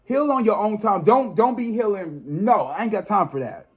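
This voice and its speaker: A man in his thirties talks straight to his viewers in a casual vlog, his voice sitting a little high for a man. He chats easily and calls his audience y'all. When something bothers him, he slides into emphatic, swear-filled rants. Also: moderate pace, slightly rough. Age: 30s. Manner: animated, emphatic ranting with frequent profanity; chatty, addresses viewers directly as y'all. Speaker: psychic tarot reader and channel host.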